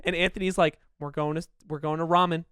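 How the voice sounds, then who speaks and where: A young man chatting on a casual podcast, telling a story haltingly with fillers. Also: fairly high pitch, little pitch movement, a bit bright, smooth, dry recording, clean studio sound. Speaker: podcast co-host. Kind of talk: casual chat.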